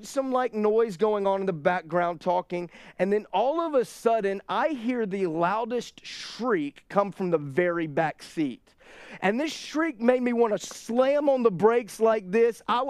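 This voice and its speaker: A man in his thirties preaching a sermon, telling a family story with lively acted-out shrieks. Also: high-pitched, clear, resonant tone, no room sound. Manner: animated storyteller, acts out his kids' shrieks. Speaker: pastor.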